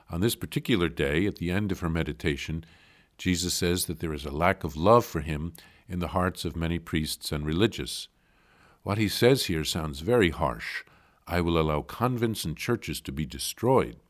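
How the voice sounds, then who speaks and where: A male priest reading a devotional diary aloud with brief commentary, slow, measured and reverent, with small slips. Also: sits low. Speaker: Catholic priest.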